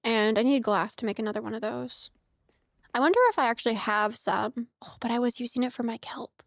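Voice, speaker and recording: Young woman, game streamer, chatty and giggly, a bit high, dry close sound. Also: steady tone, brisk, gravelly, dry recording. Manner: chatty, rambling asides, laughs often. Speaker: streamer playing a farming game. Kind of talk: casual let's-play chat.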